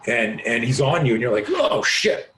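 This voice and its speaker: A man with a raw, hoarse voice tells a story as a podcast guest. He talks vividly and curses freely, and he jumps into the voices of the people in his story. The sound is roomy and echoey. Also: mid-range voice, fairly quick, slight background noise. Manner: vivid, profane, acts out quoted voices. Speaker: self-defense instructor, podcast guest. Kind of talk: animated storytelling in conversation.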